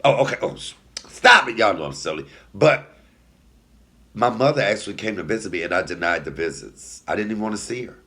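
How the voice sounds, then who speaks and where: A sassy, animated storyteller, a man in his forties with a somewhat low voice. He swings between quiet, muttered asides and loud, punchy bursts, laughing at his own lines and talking straight to his viewers like a comedian. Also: a little fast. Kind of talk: personal storytelling to camera.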